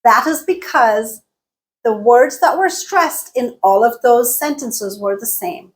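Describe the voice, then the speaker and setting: A woman with a fairly high voice teaches English in an online lesson. She explains in a clear, deliberate way and slows right down to demonstrate example sentences.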